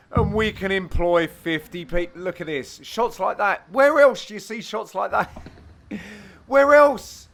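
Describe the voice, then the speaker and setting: A young man, the host, giving cheeky, self-mocking voice-over commentary on highlights of his own amateur match. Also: fairly bright tone. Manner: cheeky, self-mocking banter with frequent laughs.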